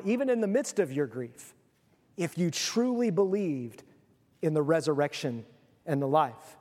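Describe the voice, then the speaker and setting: A male pastor preaching a sermon, telling the story with animated, acted-out voices. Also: fairly high pitch, big-room sound.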